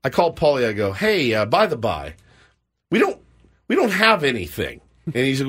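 A man's voice: mid-range voice, moderate pace, breathy edge. A man hosting a morning sports radio show, telling a story in a casual chat and acting out the voices of the people in it. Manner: animated storyteller acting out quotes. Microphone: studio microphone.

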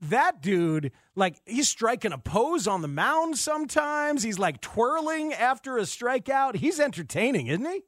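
A man's voice: very high voice, big pitch swings, a little slow, hardly any pauses, a bit bright, dry recording, clean studio sound. A man interviewing a player, asking questions in a playful, upbeat way. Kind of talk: morning interview.

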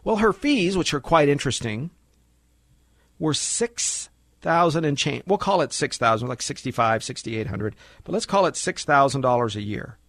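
A man's voice: a little high, animated, moderate pace, a bit bright, no echo. A man hosting a financial radio talk show, talking animatedly and acting out little dialogues between clients and brokers.

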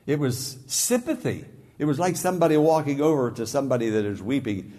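A man preaching a sermon as pastor, slow and emphatic, with sudden rises in pitch and volume. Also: animated, warm tone.

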